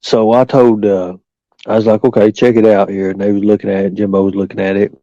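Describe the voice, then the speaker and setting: A man's voice: on the low side, flat delivery, fast talker, mellow, dry recording. A man telling a rambling, profane story in a casual way, full of restarts and fillers. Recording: dull lo-fi recording.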